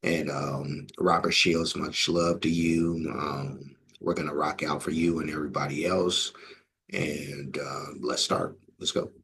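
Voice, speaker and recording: Deep gravelly reaction host. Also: male voice, a little slow, low-quality recording. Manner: relaxed and rambling, with many fillers. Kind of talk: casual commentary.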